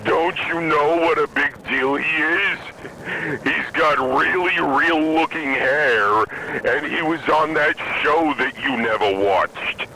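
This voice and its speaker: A man's voice: a little high, slow, background noise. A man hosting a podcast, delivering an angry, profane rant from a moving vehicle. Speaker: podcast host.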